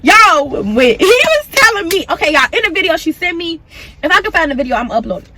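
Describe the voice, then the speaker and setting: Young woman doing a storytime vlog, high voice, super animated and cussing a lot. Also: brisk. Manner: animated, profane, acts out the dialogue. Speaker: vlogger. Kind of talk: storytime vlog, casual retelling.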